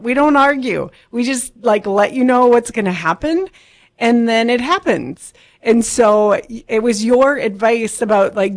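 A woman hosting a radio interview, talking in a relaxed, conversational way with some fillers. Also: on the high side. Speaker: radio host.

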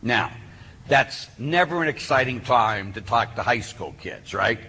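A man, a Catholic priest, preaching a sermon and telling stories with lively acted-out voices. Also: medium pitch, unhurried, husky. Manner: animated storyteller who acts out voices. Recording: hall reverb, faint background noise.

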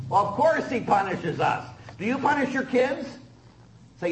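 A man, a priest, preaching a sermon in an animated way, full of rhetorical questions and quick asides. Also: extremely high pitch, a little hiss or hum, poor audio. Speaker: Catholic priest.

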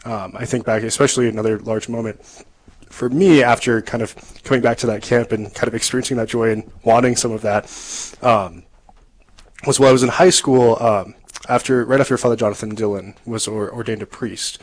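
A young man, a seminarian guest on a radio talk show, telling his story in an earnest, reflective way with soft laughs. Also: mid-range voice, fairly even intonation, brisk, poor audio. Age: young adult. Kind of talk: radio interview testimony.

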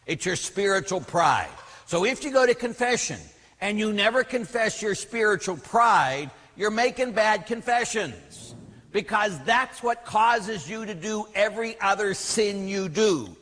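A man, a Catholic priest, teaching a class with animated storytelling and emphatic outbursts. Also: high voice, unhurried. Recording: long reverb of a large hall.

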